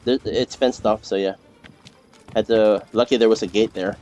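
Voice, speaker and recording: A man's voice: lowish voice, fairly even intonation, normal speed, darkish tone, dull audio. A young man streaming a game, chatting casually with teammates, rambling and repeating himself with lots of fillers and restarts. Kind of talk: casual gameplay chat with teammates.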